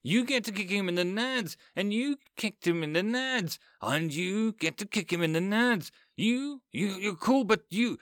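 A woman's voice: sits low, slow pace, gravelly, hardly any pauses, no echo, clean studio sound, voice pushed up, exaggerated voice. A man voicing a frightened slender young woman in armor, with a tiny, scared voice in a fantasy story. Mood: gleeful.

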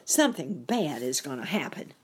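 A woman's voice: low voice, big pitch swings, moderate pace, breathy edge, exaggerated voice. A woman doing a growling gloomy pessimist creature.

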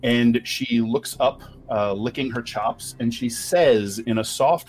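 A man narrating a tabletop game as game master, unhurried and expressive. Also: mid-range voice, soft background music. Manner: unhurried, expressive, many fillers.

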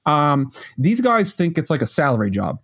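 Casual male podcast co-host, animated pitch, rambling delivery full of restarts. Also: moderate pace. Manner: rambling, restarts often, laughs easily. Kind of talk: casual chat.

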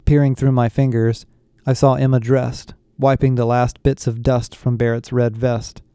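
A man narrating a first-person story in a steady storytelling delivery. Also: mid-range voice, moderate pace, clean tone, dry recording, studio quality. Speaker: audiobook narrator.

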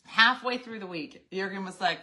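A woman hosting a casual chat, telling stories with lively acted-out quotes. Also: mid-range voice, normal speed. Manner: lively storyteller acting out quotes. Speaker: host.

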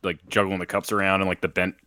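A man from Texas chatting casually, throwing in quick quips and swearing. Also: low voice, completely flat delivery, sharp tone, no echo, studio quality. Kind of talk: casual chat.

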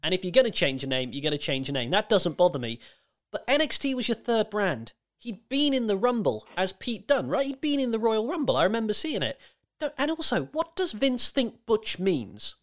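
A man talks through his argument on a podcast and plays devil's advocate in a reasoned way. His pitch moves around a lot, and he adds quick asides between points. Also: fairly bright tone. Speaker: podcast co-host. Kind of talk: casual podcast chat.

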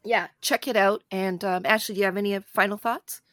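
A woman's voice: medium pitch, brisk, no room sound. Chatty woman, dry close sound. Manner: animated, laughs often, chatty. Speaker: podcast co-host. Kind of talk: casual film discussion.

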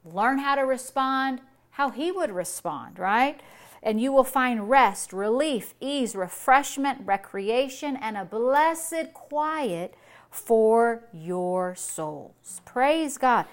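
Woman pastor, high voice, preaching a sermon, exuberant, laughs out loud, repeats short phrases. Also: animated, slow pace. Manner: exuberant, bursts into long fits of laughter while preaching.

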